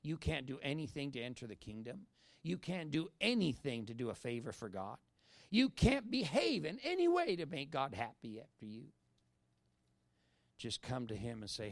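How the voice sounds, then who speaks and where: A man's voice: medium pitch, sing-song, moderate pace, no echo. Dynamic preacher, man with a dry close sound. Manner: dynamic, swings from emphatic bursts to hushed whispered prayer; rhetorical questions and repetition. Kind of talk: sermon.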